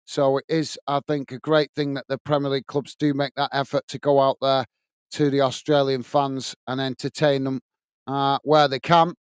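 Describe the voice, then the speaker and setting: A man's voice: medium pitch, little pitch movement, moderate pace, clean tone, dry recording, clean studio sound. A man hosting a football watch-along, chatting to viewers and reading out their messages in a friendly way, calling them mate. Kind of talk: casual live commentary and chat.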